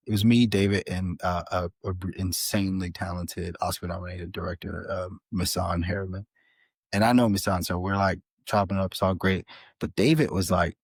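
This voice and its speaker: A man, a podcast guest, telling an animated story in a casual interview, with frequent restarts. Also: low-pitched, moderate pace, breathy edge, no echo. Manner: animated, many restarts and fillers. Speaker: podcast guest, author and filmmaker.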